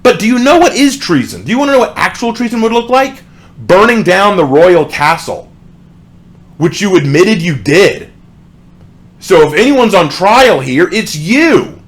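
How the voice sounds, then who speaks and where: Young male song reviewer, exasperated and sarcastic, very animated delivery. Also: sits high, a little slow. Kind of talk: ranting response commentary.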